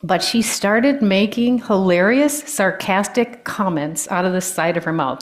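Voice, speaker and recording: A woman, an older guest speaker giving a personal talk with stories, often pausing with ums and restarting sentences. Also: medium pitch. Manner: warm storytelling, with frequent ums and restarts.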